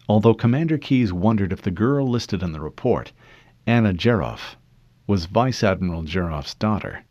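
A man giving a measured, scripted audiobook narration, in a dull, dry recording. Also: lowish voice, a little mellow, no room sound.

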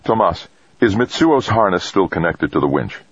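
A man voicing a focused male mission leader giving brisk instructions. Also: low voice, big pitch swings, breathy edge, no room sound, highs cut off, pitched above the performer's own voice, exaggerated voice. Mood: urgent.

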